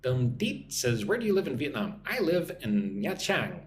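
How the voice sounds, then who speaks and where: A man's voice: mid-range voice, very animated, normal speed, slight background noise. An American man in his forties, an English teacher hosting a live-stream lesson, chatting casually as he reads viewer comments aloud and answers them. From United States. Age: 40s.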